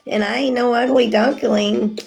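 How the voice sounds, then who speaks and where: A woman's voice: a little high, fairly even intonation, normal speed, gravelly, a little mellow. A woman in her forties chatting casually with livestream viewers, rambling, calling them sweetie and laughing often. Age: 40s.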